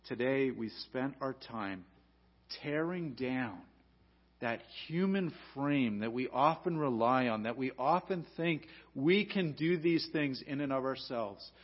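A man preaching a sermon as pastor, rising to loud emphatic peaks and dropping to quiet, low lines. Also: lively intonation, slow, lo-fi sound.

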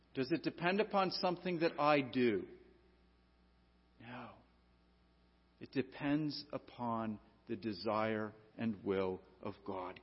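A man preaching a sermon, swinging from loud emphasis to hushed low tones. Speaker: pastor. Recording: dull lo-fi sound in a reverberant hall.

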